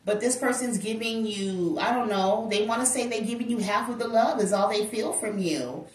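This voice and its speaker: A woman's voice: a little high, moderate pace, darkish tone. Chatty woman reading tarot, distant and echoey. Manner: chatty, emphatic, talks straight to viewers. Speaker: tarot reader. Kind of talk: casual tarot reading to camera. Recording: roomy echo, distant from the mic.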